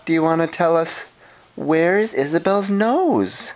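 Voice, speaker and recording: Young mom at home, singsongy and coaxing, voice jumps all over, slow and unhurried. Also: female voice, low-pitched, sing-song. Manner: sing-song, coaxing, laughing often. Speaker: parent. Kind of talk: playful home-video chat with a toddler. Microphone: home video camera.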